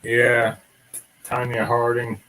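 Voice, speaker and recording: Folksy male host, unhurried, chatty, light and joking. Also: mid-range voice, completely flat delivery, sharp tone, rough recording. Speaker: livestream host. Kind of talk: casual chat.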